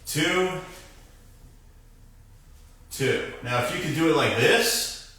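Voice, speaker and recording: This young man has a fairly high, sharp voice and a slow pace, recorded from afar. Hosting a laid-back live-stream as a physical therapist, he coaches viewers directly through core work. Heavy room echo, and he is off-mic now and then.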